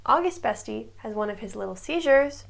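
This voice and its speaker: A woman's voice: a little high, animated, normal speed, creaky. A woman giving a casual, chatty recap of a TV season, breezily retelling scenes and tossing asides to the viewer. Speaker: TV recap creator.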